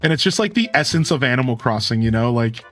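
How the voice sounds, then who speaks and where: A man giving relaxed, rambling commentary while playing a video game, full of fillers. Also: mid-range voice, fast, faint music behind. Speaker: game streamer. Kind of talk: casual gameplay commentary.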